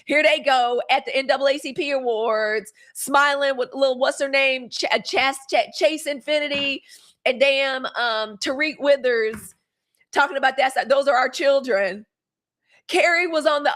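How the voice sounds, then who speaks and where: A woman's voice: sits high, moderate pace, fairly bright tone. A young woman from Mississippi, hosting a live show in casual, gossipy chat, cursing freely. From Mississippi, USA.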